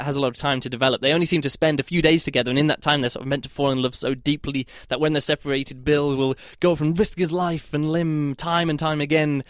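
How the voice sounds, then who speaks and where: A man's voice: medium pitch, dry recording, clean studio sound. A man giving a casual spoken book review in a rambling, hesitant way, with lots of "like" and restarted phrases.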